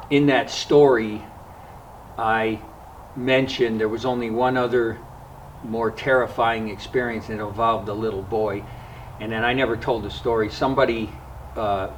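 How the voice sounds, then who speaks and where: A man hosting a fishing vlog, telling a story in a casual, unhurried way with frequent pauses and fillers. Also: fairly low pitch, recorded from a distance, a little hiss or hum, poor audio. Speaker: fishing vlogger. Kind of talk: casual spoken storytelling to camera.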